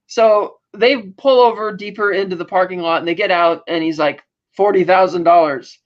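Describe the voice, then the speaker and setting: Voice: medium pitch, steady tone, moderate pace, muffled recording. A podcast co-host casually recapping a TV episode, rambling with restarts and acting out quoted lines.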